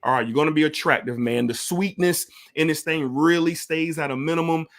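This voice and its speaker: A man's voice: on the high side, brisk. Enthusiastic man reviewing a fragrance. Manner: enthusiastic, emphatic, repeats points. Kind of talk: casual product review.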